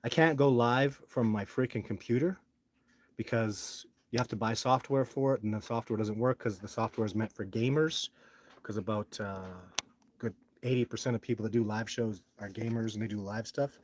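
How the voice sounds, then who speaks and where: A man's voice: fairly low pitch, moderate pace, a little mellow, a little hiss or hum. A man hosting his own live stream, talking casually and complaining in a frustrated, rambling way into a phone held close.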